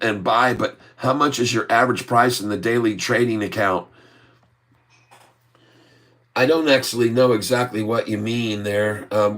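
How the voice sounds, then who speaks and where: A middle-aged man from the USA hosts a casual stock-trading livestream, reading viewers' comments aloud and answering them in a relaxed, chatty way. His voice has a fairly low pitch.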